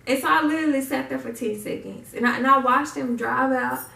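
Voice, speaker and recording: A woman's voice: high voice, a little fast, creaky, recorded from a distance. A young woman telling a personal story, acting out what people said. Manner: animated retelling, acts out quotes. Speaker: vlogger. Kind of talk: casual storytime. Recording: echoey room, mic set back.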